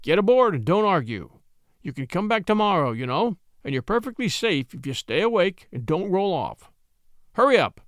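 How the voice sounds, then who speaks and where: A man voicing a cool, cunning young attorney in a story reading, smooth and commanding. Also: sits high, big pitch swings, normal speed, dry recording. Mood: stern. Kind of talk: audiobook character voice.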